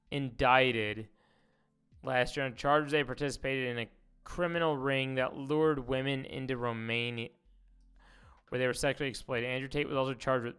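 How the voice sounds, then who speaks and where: A man's voice: mid-range voice, sharp tone, clear, resonant tone. A man streaming casual commentary, rambling, swearing and reading posts aloud.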